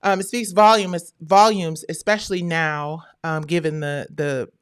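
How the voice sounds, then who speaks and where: A middle-aged woman hosting a livestream, talking in a casual, animated, slangy way. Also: deep voice, unhurried, clean tone. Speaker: livestream host.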